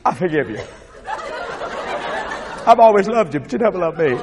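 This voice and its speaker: A man's voice: sits high, very animated, moderate pace, a loud crowd, very noisy. A man doing a sulky little talking dog. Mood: reproachful. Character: sulky pet dog, small and wounded.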